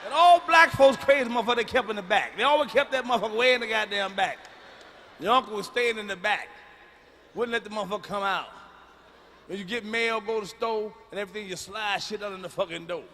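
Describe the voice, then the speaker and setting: Brash, profane stand-up comedian, bright voice, hollers often, live hall echo and faint crowd noise. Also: male voice, high voice, fast. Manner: loud, profane, hollering bursts.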